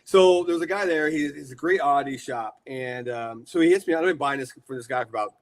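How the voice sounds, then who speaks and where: This is an American man in his forties, a horror collector chatting as a guest on an interview show. He tells his stories in an animated, rambling way, stacking fillers and asides. His voice sits a little higher than most men's. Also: a little fast. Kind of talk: casual storytelling interview.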